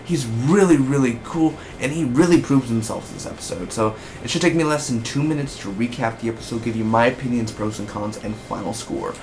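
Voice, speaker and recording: A man hosts a casual TV review in a loose, rambling way, and his excitement spills into each point. His voice sits at an ordinary middle pitch. A faint hiss runs under the recording. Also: brisk, few pauses. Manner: rambling, excitable, acts out characters in bursts. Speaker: TV show reviewer.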